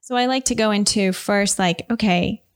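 A woman physical therapist talks in an energetic, expressive way. Her pitch sits mid-range for a woman. Now and then she slips into her patients' voices. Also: moderate pace. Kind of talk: conversational interview answers.

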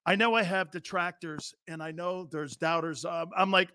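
A middle-aged man hosting a sports talk show in casual chat, excitable, breaking into loud laughs and repeating himself. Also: sits high, normal speed, dry recording, clean studio sound.

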